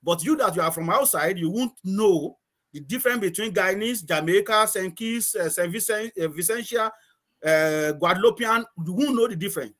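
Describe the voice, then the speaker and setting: A man's voice: high voice, moderate pace, fairly bright tone. A middle-aged man from Nigeria, a guest chatting casually in an interview, rambling, repeating words and laughing often.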